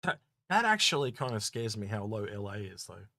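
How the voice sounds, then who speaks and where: A man co-hosting a casual gaming podcast, reading out viewer questions and musing about them in a relaxed way that often trails off. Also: on the low side, fairly quick, gravelly, dry recording.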